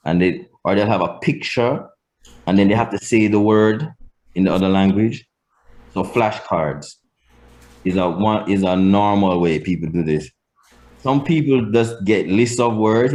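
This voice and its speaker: A man's voice: on the low side, darkish tone. A Jamaican man teaching a live class, patient and repeating key points for emphasis. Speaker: language teacher.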